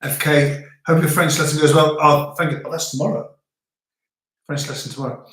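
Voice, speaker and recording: A man's voice: on the high side, little pitch movement, a little fast, fairly bright tone. Chatty man in an echoey room. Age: middle-aged. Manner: reads out viewer comments, chatty, tries French words. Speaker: livestream host. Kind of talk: casual live chat. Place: home, indoors.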